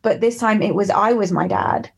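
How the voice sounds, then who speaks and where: A woman's voice: medium pitch, moderate pace, creaky, slight background noise. A young English woman, a musician, telling a candid and emotional story from her childhood in an interview. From England. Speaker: musician guest.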